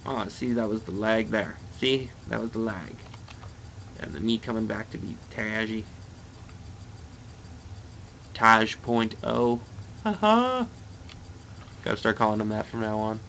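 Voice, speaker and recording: A man's voice: lowish voice, steady tone, normal speed, creaky, a bit bright, muffled recording, slight background noise. A young Canadian man with a Canadian accent, chatting to viewers while he plays a racing game live. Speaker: let's play streamer.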